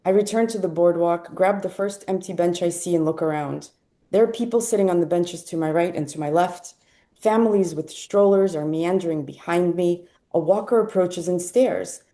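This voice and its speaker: A woman reading a personal essay aloud at a live event, wry and lively when she voices the people she quotes. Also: fairly low pitch, moderate pace. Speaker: essay reader.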